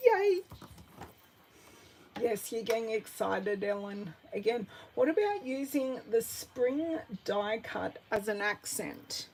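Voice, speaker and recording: Female craft demonstrator, slow, gravelly, chatty thinker-aloud. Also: on the high side, low-quality recording. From Australia. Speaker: card-making demonstrator. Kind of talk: live crafting tutorial chat. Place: at a craft desk.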